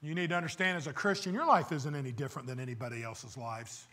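A man's voice: mid-range voice, fast talker, bright, forceful tone. A man preaching a sermon as pastor, emphatic and full of rhetorical questions, with wry, teasing asides.

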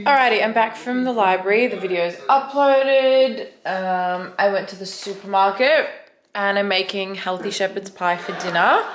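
A young woman with an Australian accent, vlogging casually, animated and swearing freely with lots of "like" fillers. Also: medium pitch, moderate pace, a little hiss or hum. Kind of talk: casual vlog storytelling.

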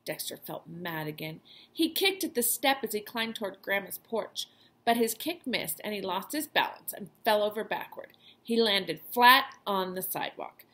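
A woman teacher reading a children's chapter book aloud to her class. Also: mid-range voice. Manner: expressive storytelling voice.

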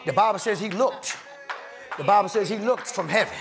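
A man preaching in a church with a high, gravelly voice. He preaches with fervent rhythm, laughs between phrases and climbs into shouts. His sermon rolls along with repeated refrains. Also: expressive, normal speed. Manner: fervent call-and-response preaching, breaks into laughs, swells to shouts. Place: church sanctuary.

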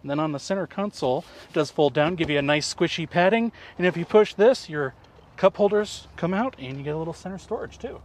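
A man co-hosting a casual car review outdoors, explaining specs and features in an easygoing way. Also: a little high. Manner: easygoing, explanatory, quick to agree. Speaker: co-host presenting cars.

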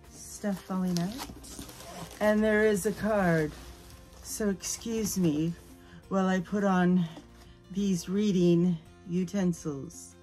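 Slow-talking playful woman unboxing. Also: medium pitch, a little mellow. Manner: playful, giggly, half-putting on a spooky voice. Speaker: unboxing YouTuber. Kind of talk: casual unboxing chat.

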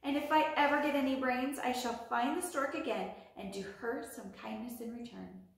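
A woman's voice: on the high side, moderate pace, vocal fry. A woman voicing a cheerful, humble male scarecrow in a storybook reading, mild and grateful. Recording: echoey room.

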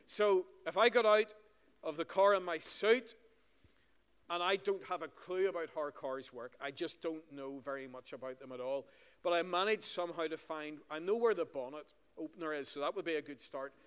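A man's voice: on the high side, moderate pace, a bit bright, clear, resonant tone. A Northern Irish man, a pastor, giving a friendly story-style children's talk in a church service. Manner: friendly storytelling to children, asking them questions. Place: large church. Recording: long church hall reverb.

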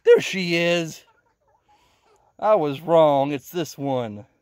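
Man, casual homestead vlogger, fairly high voice, a bit winded, chatty and easy laughter; hens clucking behind. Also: drawn-out words, a little mellow, smooth. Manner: chatty, laughs often, talks to his chickens in a high voice. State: a little out of breath. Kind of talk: casual walk-and-talk vlog. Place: inside a chicken coop in a greenhouse. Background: chickens clucking.

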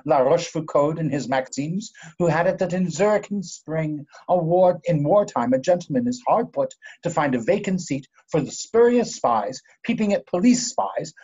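A vain, pompous old English dandy, read by a man who drawls his lines with theatrical airs. The voice is husky and a little breathy, and it comes through dull, lo-fi video call audio. It is a stage play read aloud over a call. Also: on the high side, a little mellow.

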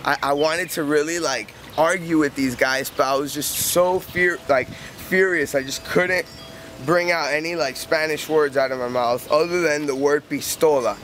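A young man with a slightly high voice tells a rambling, profane story outdoors, leaning on "like" and restarting his sentences. Traffic and outdoor ambience come through clearly behind him on a noisy outdoor recording. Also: fairly even intonation, moderate pace, a bit bright. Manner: profane, rambling, heavy use of "like". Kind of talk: casual spoken anecdote. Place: outdoors by a canal. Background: outdoor street ambience with passing vehicles.

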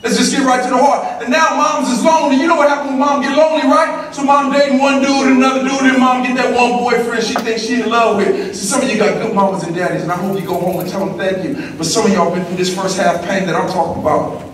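This Los Angeles man, a motivational speaker at a school assembly, shares his story and prompts call-and-response from the audience in a gym or auditorium. His extremely high voice keeps a steady tone at a quick pace while ranging from hushed to shouting. Heard from a distance in an echoey hall, he has slight background noise behind him.

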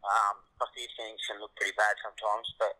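A man's voice: on the low side, little pitch movement, fairly quick, pushed and bright. A man on a phone call who talks hesitantly and tries to reassure his friend. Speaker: caller. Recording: tinny phone line.

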